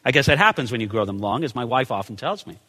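A man's voice: medium pitch, fast talker, breathy edge, big-room sound. A male pastor preaching a conversational sermon, asking rhetorical questions and acting out the people in the passage. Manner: animated, acts out the people in the story. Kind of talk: expository sermon.

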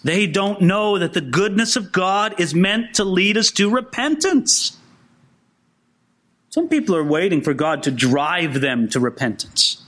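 A male preacher delivering a sermon in a high, lively voice. His pitch leaps up and drops low as he acts out the voices in his text. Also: a little slow. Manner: animated, acts out quoted voices with swings in pitch. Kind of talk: expository sermon.

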